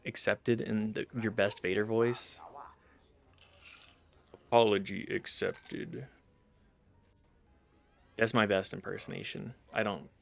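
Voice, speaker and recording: A man streaming a game, chatting casually with a rambling, self-deprecating manner and vocal fry. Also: lowish voice, fairly bright tone. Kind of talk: casual gaming chat.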